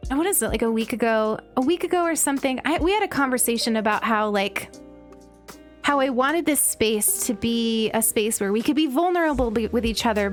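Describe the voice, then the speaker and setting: A woman streaming live who reads her chat aloud in a gentle, affectionate, heartfelt way, talking softly with many pauses and ums. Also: a little high. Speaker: Twitch streamer reading chat. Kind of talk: casual livestream chat. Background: faint game music.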